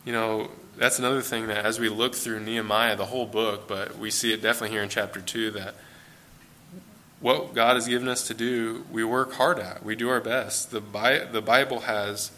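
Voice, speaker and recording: A man with an American accent preaching a sermon in a church, conversational and relaxed, with fillers and self-corrections. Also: fairly low pitch, moderate pace, a little hiss or hum.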